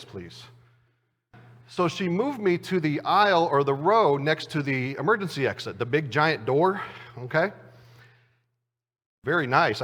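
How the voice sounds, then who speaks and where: A man preaching in a church, telling a self-deprecating story in a relaxed, conversational way. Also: medium pitch. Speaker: preacher and Bible teacher. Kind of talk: conversational sermon with a humorous anecdote. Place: church auditorium. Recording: long church reverb.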